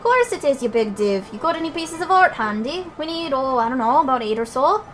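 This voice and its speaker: A woman's voice: high-pitched, very animated, a little fast, pitched above the performer's own voice. A woman doing Drippy, a cheeky Welsh fairy. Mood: excited. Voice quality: bouncy sing-song lilt, slangy. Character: cheeky male fairy sidekick, chatty and boastful.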